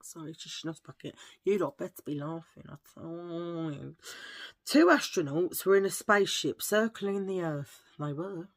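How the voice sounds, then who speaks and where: Here a woman vlogs about beauty, speaking casually to camera at a moderate pace in a fairly low voice. She's chatty and rambling, sprinkling in cheesy jokes and asides.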